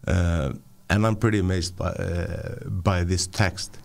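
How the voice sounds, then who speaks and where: Low gravelly man with a cold. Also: fairly even intonation. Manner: halting, many fillers and restarts. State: voice affected by a cold. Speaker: radio producer. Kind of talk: casual radio chat. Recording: radio studio.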